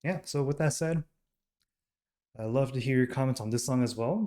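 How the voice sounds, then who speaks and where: A man's voice: mid-range voice, brisk, dark tone. Rambling man talking to camera. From United States. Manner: rambling, with many ums and self-corrections. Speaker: K-pop reaction channel host. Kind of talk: casual talk to camera.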